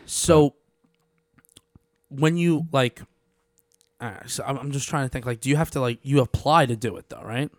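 Young man, New York accent, podcast host, animated casual talk, dry close sound. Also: mid-range voice, normal speed, pauses often, dry recording. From Long Island, New York. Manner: animated, chatty, trails off and restarts. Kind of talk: casual chat.

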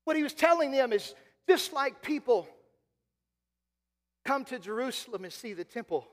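High-voiced male preacher in a reverberant hall. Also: animated. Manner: emphatic preaching, stretches key phrases slowly, then drops quiet. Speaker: pastor. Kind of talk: sermon. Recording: long reverb of a large hall.

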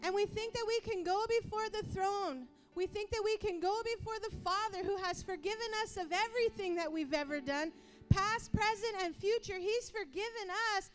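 High-voiced woman preaching a sermon. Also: normal speed, few pauses, soft background music. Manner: impassioned, rising to yelling; acts out quoted voices.

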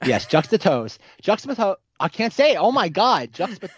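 A man's voice: sits high, brisk, breathy edge, no echo. A man co-hosting a podcast, chatting casually and expressively about a movie, often exasperated. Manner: expressive, exasperated, tongue-tied at times. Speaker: podcast co-host. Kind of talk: casual movie-review chat.

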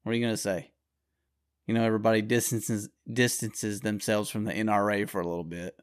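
A man's voice: fairly low pitch, flat delivery, a little fast, clean tone. A man hosting his own show, delivering a blunt, profane, rambling solo rant.

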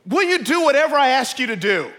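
The voice of God calls down from heaven, plain and steady, asking simple questions, as a male preacher puts it on. His tone is bright and pushing, and it rings through a long, echoing hall. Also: extremely high pitch, quick pace, pitched above the performer's own voice, exaggerated voice. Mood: calm.

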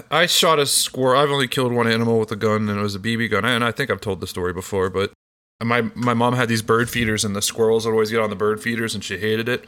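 A man co-hosting a casual podcast, telling a childhood story with lively acted-out moments. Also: fairly low pitch, quick pace. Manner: animated storyteller, acts out voices in the telling. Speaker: podcast co-host.

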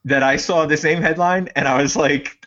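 A man co-hosting a podcast in casual, joking chat, telling his stories with animated flair. His voice sits a little high, and the recording sounds dull and lo-fi. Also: normal speed. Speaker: podcast co-host.

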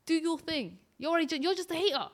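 A woman's voice: extremely high pitch, animated, fast. A woman co-hosting a casual podcast chat, arguing her point and repeating herself as she goes. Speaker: podcast co-host.

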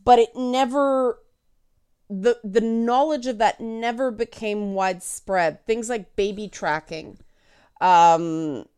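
Woman ranting her opinions, slow deliberate delivery, smooth clear voice, swears a lot. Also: fairly high pitch. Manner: blunt and profane, animated and emphatic. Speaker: video commentator. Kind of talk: opinionated commentary to camera.

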